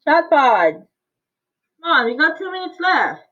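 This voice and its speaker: A woman's voice: high voice, big pitch swings, measured pace, a bit bright. A woman math teacher teaching an online class, coaxing and quizzing her students and laughing often. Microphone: video call. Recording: tinny phone-like audio.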